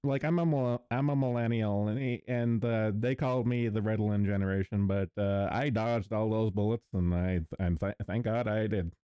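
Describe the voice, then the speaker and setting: A man in his thirties in a casual chat, deadpan and self-deprecating. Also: lowish voice, moderate pace, few pauses, smooth, dry recording.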